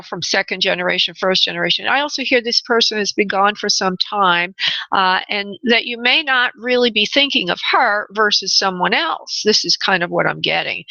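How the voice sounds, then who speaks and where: A woman's voice: mid-range voice, moderate pace, gravelly, sharp tone, dry recording. A woman hosting a call-in radio show as a spirit medium, chatty and affectionate, calling callers honey and laughing readily. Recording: slightly dull radio audio.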